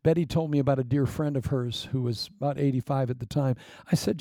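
A man preaching a sermon in an animated way, sometimes dropping to a whisper for emphasis. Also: mid-range voice, fast talker, hardly any pauses, no echo, studio quality. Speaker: pastor.

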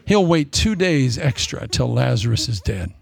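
A man preaching a sermon in a lively, jokey way, acting out quotes in different voices. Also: medium pitch, normal speed, gravelly. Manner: animated, jokey, acts out quotes.

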